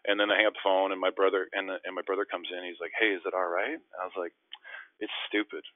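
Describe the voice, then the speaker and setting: A man being interviewed, telling stories in a rambling, animated way and acting out the people he quotes. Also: deep voice, quick pace, no room sound. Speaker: interview guest. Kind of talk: casual storytelling. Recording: phone-like, dry line.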